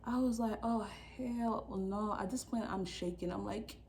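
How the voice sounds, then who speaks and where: A young woman vlogger telling a story in a casual, slangy, animated way, acting out the people in it. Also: medium pitch, a little slow.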